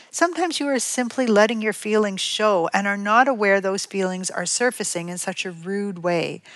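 A middle-aged woman, a parent educator, reading a prepared piece on parenting in an even, measured tone. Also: mid-range voice, dry recording.

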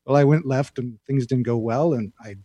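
A male guest telling stories in a casual chat, lively and acting out the voice in his head. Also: medium pitch, moderate pace, slightly rough, dry recording. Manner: animated storyteller, acts out an inner voice. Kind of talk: casual storytelling.

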